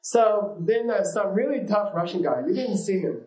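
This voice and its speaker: This yoga and meditation teacher's slightly high voice is animated and a little mellow, at normal speed, as he gives a casual class full of fillers, anecdotes and easy laughs. A noticeable echo suggests a roomy indoor space.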